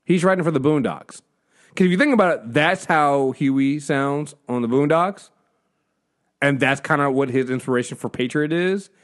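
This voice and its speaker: A man's voice: mid-range voice, normal speed. A man hosting a podcast in casual chat, rambling, swearing freely and laughing often. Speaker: podcast host.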